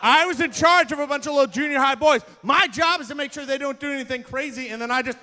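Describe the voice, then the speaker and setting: A young man doing stand-up comedy at a live event, telling self-deprecating stories with sudden shouts. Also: very high voice, quick pace, few pauses. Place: large hall, live event. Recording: long hall reverb from a live venue.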